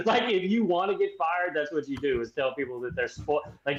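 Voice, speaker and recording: Louisiana guy rambling about stuff, kinda high voice, roomy muffled sound. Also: normal speed. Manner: rambling, filler-heavy, mocking. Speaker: podcast guest. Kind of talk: casual chat. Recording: roomy, muffled remote audio.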